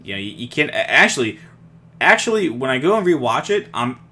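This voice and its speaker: A man's voice: medium pitch, big pitch swings, a little fast, sharp tone, slightly rough. A young man co-hosting a podcast in casual chat, rambling with restarts and frequent laughs. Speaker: podcast co-host.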